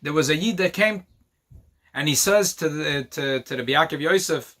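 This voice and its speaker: A male rabbi preaches a sermon as a story, his slightly high, bright voice mixing Hebrew and Yiddish words into English. He builds to emphatic, near-shouted points. The delivery stays lively and forceful. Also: normal speed.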